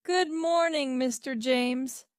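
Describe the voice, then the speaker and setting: A woman's voice: medium pitch, takes it slowly, dry recording, lightly acted. Woman playing a cheerful young man, brief replies, storybook reading, dry recording.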